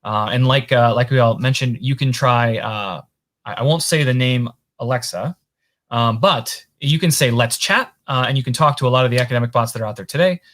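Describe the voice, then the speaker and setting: A man's voice: mid-range voice, fairly quick, a bit bright. A man hosting a casual interview over a video call, friendly, with hesitant restarts. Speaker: show host.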